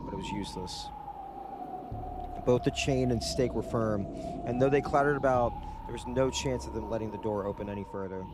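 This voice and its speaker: A man's voice: fairly low pitch, fairly quick, noisy background. A man streaming a visual novel, reading the narration with mounting dread and breaking off to swear at the story. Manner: reads narration with rising panic, reacts with swearing. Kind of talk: dramatic reading of game text.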